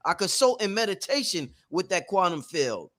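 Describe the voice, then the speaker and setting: A man with a strikingly high voice holds forth as host of a spiritual workshop. He talks emphatically and preachily, peppering his speech with casual profanity. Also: very animated, normal speed, fairly bright tone. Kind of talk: motivational workshop talk.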